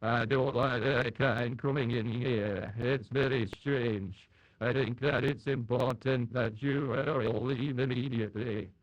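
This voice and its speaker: A man's voice: medium pitch, fairly even intonation, dry recording, dull audio, voice pushed down. A man using a voice changer to play a surly male tavern regular who tells strangers to leave. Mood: hostile. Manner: slow, grumbling and hostile.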